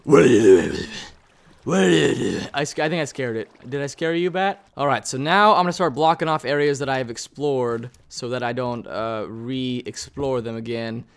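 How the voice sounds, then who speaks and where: A gaming YouTuber talking to himself in excitable, rambling let's-play commentary as he plays. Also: mid-range voice, normal speed, hardly any pauses, smooth. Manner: excitable, rambling self-talk while playing.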